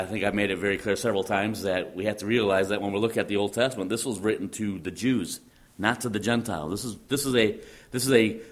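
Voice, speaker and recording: Male preacher, medium pitch, emphatic teaching delivery, repeats key words. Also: fairly bright tone. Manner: emphatic, repeats phrases, quotes in a commanding voice. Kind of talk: sermon teaching.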